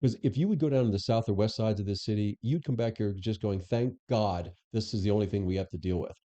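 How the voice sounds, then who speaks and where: A man's voice: lowish voice, fast talker, warm tone. A man, a former police chief, candidly recounting experiences in a conversational interview. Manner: candid, anecdotal, frequent restarts. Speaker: former police superintendent, guest. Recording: dull lo-fi podcast audio.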